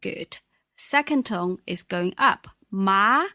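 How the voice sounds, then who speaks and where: Slow, patient woman teacher. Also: medium pitch, a bit bright, dry recording, clean studio sound. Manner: patient, models words slowly. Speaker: language teacher. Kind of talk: language lesson podcast.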